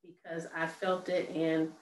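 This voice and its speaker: A woman host speaks in a low, unhurried voice, affirming her guest with soft murmurs. The sound is roomy and heard from a distance, with a faint hiss underneath. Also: little pitch movement. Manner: slow, affirming, many soft murmurs of agreement. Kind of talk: supportive interview chat. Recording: roomy echo, distant mic, faint noise.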